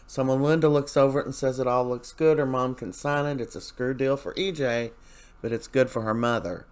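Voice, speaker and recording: A man's voice: medium pitch, brisk, clear, resonant tone. A man casually recapping a soap opera episode, chatty and rambling, with many fillers and lines quoted from the characters.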